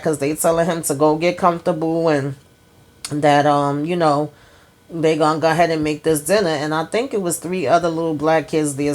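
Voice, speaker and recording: A woman with a lowish voice delivers a sassy, animated recap of a TV episode. Reviewing it in a casual monologue, she speaks directly to her viewers and keeps drawing them into her reactions.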